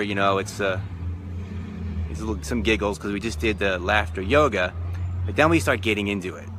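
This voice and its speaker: A man's voice: lowish voice, pushed and bright, slight background noise. A man who leads spiritual retreats, giving a reflective live-stream talk with repetitive, emphatic, rhythmic phrasing. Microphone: phone or webcam live stream.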